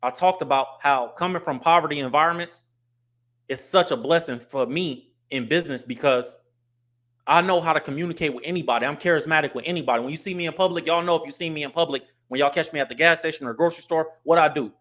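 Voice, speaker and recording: An American man in middle age, speaking as host in loose, lively commentary. His voice sits a little high for a man, and he slips into put-on voices to show how people talk. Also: fast talker. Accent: US English. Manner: animated, acts out street and business voices. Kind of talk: casual commentary to camera.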